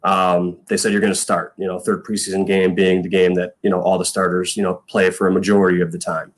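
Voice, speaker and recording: Man, thirties, very low voice, podcast guest, casual storytelling, lots of fillers, acts out quotes. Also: level tone, fast. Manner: rambling, frequent fillers, acts out quoted lines. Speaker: podcast guest, former punter.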